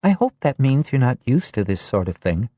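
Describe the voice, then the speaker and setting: A male narrator voicing a spirited young woman in an audiobook, lifting his voice higher and sharper when she is upset. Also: sing-song, normal speed, warm tone, no room sound. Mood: tender.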